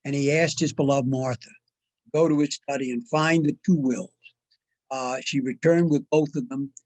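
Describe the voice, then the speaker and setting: An older man giving a measured, deliberate history lecture, with frequent "uh" fillers. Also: medium pitch, steady tone, darkish tone, no echo, rough recording. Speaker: guest lecturer. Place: online talk.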